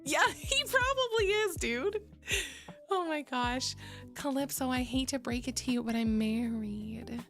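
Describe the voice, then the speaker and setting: A woman's voice: sits high, expressive, unhurried, fairly bright tone, soft background music. A young adult woman streaming and chatting casually with her viewers, bubbly, laughing often and swearing casually. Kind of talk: casual chat with live chat.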